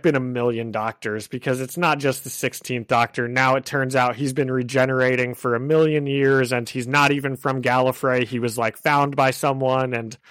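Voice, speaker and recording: A young man co-hosting a podcast, recapping a show in an excited, rambling way full of "like". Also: mid-range voice, no room sound. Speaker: podcast co-host. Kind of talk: casual chat.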